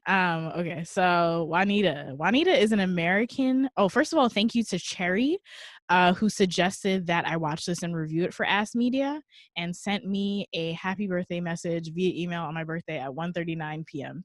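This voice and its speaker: A woman's voice: fairly low pitch, normal speed, no echo, clean studio sound. A woman co-hosting a casual podcast, reviewing a film in a candid, joking way and reading her notes aloud. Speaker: podcast co-host.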